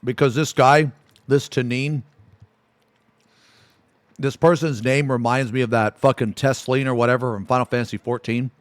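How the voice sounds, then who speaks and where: A man's voice: mid-range voice, steady tone, normal speed, long pauses, no echo. A man, a streamer ranting on a livestream in a profane, exasperated and sarcastic way. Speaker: Twitch streamer.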